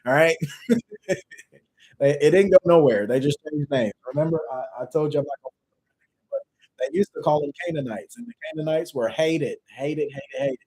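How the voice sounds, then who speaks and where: A man's voice: on the high side, animated, normal speed, darkish tone, slightly rough, poor audio. A man teaching a livestream class in a loose, conversational way, reading definitions aloud and repeating phrases for emphasis. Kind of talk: casual lecture reading from dictionaries.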